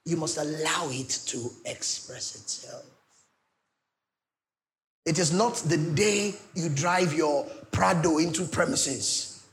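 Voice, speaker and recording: A middle-aged Nigerian man preaching a sermon, swinging between loud declarations and soft pleading asides. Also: a little high, slow pace, a little hiss or hum. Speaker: pastor.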